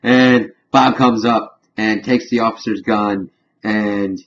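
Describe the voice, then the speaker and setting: A man reviewing a cartoon episode in a casual spoken recap, retelling it animatedly and dipping quiet then loud. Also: fairly low pitch, steady tone, slow. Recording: dull lo-fi with faint hum.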